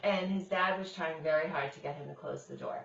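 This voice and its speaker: Female host, lower voice, chatty storyteller; roomy, distant, muffled recording. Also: brisk, vocal fry. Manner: chatty, laughing, rambling storyteller. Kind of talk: casual chat. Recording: echoey room, distant dull mic.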